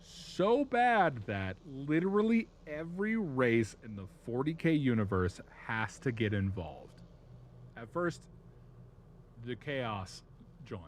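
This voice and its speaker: A man chatting casually on a live stream, telling a story in a profane, rambling, animated way. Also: mid-range voice, slow pace, a little hiss or hum.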